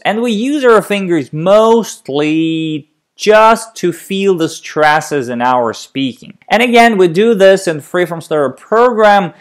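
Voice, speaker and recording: A stuttering coach giving an instructional talk, stressing key syllables and demonstrating phrases slowly, one syllable at a time. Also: mid-range voice.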